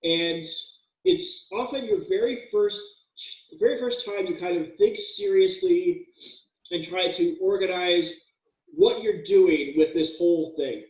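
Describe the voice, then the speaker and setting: Brief: a relaxed male writing instructor, slightly high voice, casual and jokey, heard at a distance. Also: measured pace, lo-fi sound. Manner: casual, joking, with frequent fillers and restarts. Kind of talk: recorded lecture. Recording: echoey room, mic at a distance.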